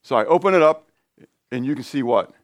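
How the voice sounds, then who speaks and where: A man preaching an informal sermon in a conversational, rambling way, with asides and restarts that turn lively and high when he gets excited. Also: fairly quick, dry recording, clean studio sound. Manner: lively, rising pitch when animated.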